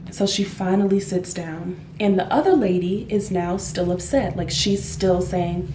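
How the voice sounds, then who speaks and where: Woman storyteller, mellow voice, lively delivery, roomy room with faint hiss. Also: medium pitch, moderate pace, few pauses. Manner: animated, acts out the people in her story. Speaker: flight attendant. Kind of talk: casual storytime vlog. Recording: echoey room with faint noise.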